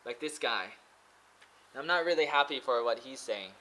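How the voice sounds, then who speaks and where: A man's voice: medium pitch, lively intonation, moderate pace, bright, forceful tone, poor audio. A man vlogging from a pagoda in a rambling, casual monologue. He hesitates often, with many fillers and restarts.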